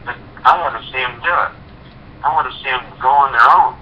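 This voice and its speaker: A man's voice: mid-range voice, fairly quick. A man leading a sales team, giving a folksy motivational talk with homespun stories. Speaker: network marketing leader. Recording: dull lo-fi recording with faint hiss.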